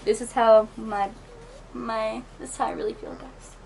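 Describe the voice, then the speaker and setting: Young woman, 20s, interviewee; rapid, animated, laughing storytelling; slightly high voice, faint noise. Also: creaky. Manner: fast, animated, laughs often. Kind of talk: casual storytelling.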